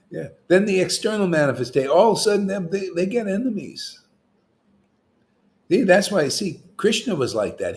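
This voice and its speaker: A man preaching an informal devotional sermon, animated and chatty, slipping into slang and chuckling between points. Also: high voice. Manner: animated, acts out quoted voices; chuckles often, casual slang. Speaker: spiritual teacher.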